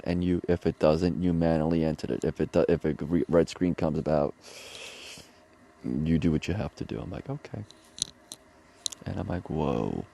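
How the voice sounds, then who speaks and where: Male, 30s, low gravelly voice, rambling casual monologue. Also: mellow. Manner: rambling storytelling, quoting others.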